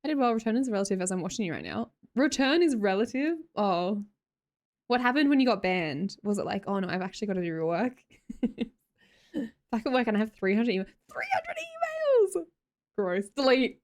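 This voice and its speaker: A young woman with an Australian accent chats away on a live stream. Her pitch swings widely as she talks, and she reads viewers' messages aloud and answers them in an easygoing way. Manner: chatty, laughs often, reads chat aloud. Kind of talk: casual chat with viewers.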